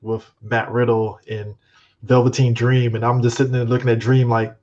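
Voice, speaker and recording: A man's voice: medium pitch, flat delivery, moderate pace, darkish tone. A man co-hosting a podcast with blunt, joking, profane remarks. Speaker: podcast co-host. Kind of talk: casual podcast banter. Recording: dull, lo-fi audio.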